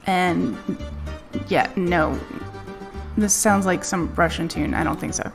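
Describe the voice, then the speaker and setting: A woman's voice: on the low side, fairly even intonation, takes it slowly, vocal fry. Candid woman telling a story. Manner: candid, swears freely, laughs while telling. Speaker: streamer. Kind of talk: casual storytelling on a live stream. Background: faint music playlist.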